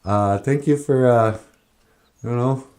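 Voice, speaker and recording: A male host talks in a slow, unhurried way and reads out comments from viewers. His voice is mellow and soft-edged. He jokes and chuckles as he goes. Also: mid-range voice. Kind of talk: casual livestream chat.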